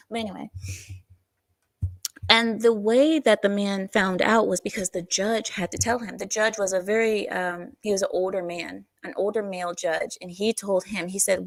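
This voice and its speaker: A woman hosting a livestream, chatting casually and reading out viewer comments in an animated, talkative way. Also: mid-range voice, normal speed, gravelly, no room sound. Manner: chatty, animated, breaks into silly voices and laughs. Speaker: livestream host.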